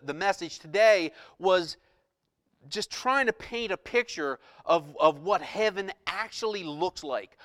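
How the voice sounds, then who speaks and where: Impassioned high-voiced male preacher, dry sound. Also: dry recording. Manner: swings from soft hushed reading to loud impassioned preaching. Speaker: pastor. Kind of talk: sermon.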